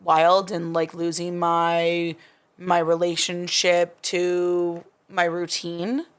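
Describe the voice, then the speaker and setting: A woman in her thirties, a podcast guest, talks casually in a recovery-group conversation. Her voice is fairly low, smooth, slow, and monotone, and she sounds hesitant, searching for words with many restarts.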